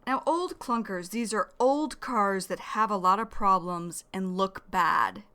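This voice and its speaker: A woman teaching English vocabulary slowly and clearly, repeating each new word. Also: medium pitch, bright, forceful tone. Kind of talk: slow vocabulary lesson.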